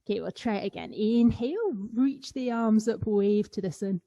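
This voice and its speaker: A woman's voice: on the high side, moderate pace, mellow, lo-fi sound. A woman guiding children through a playful yoga session, sometimes making animal sounds. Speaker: kids yoga teacher. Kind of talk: guided kids yoga instruction.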